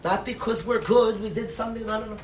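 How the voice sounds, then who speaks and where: Passionate rabbi preaching, hushed to loud. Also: male voice, high-pitched, steady tone, quick pace, slight background noise. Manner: passionate, swinging from loud cries to hushed near-whispers; peppers his speech with Hebrew and Yiddish terms. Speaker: rabbi giving a Torah class. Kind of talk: sermon-style lecture.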